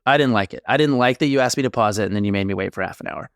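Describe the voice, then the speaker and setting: A man's voice: fairly low pitch, rapid-fire, vocal fry, dry recording, clean studio sound. A man co-hosting a relationship podcast, telling a story in rambling casual chat with tangents. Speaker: podcast co-host, therapist.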